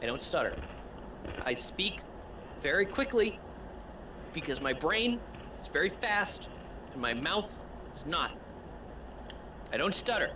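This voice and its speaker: A man's voice: medium pitch, a little fast, few pauses, far from the mic, noisy background, natural voice. A man voicing a touchy male tech-priest medic who stammers over his words and insists he doesn't stutter. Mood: indignant.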